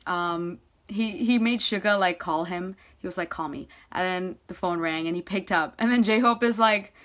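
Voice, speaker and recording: A young woman vlogger telling a story casually, gushing and excitable, with her speech full of "like". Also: mid-range voice.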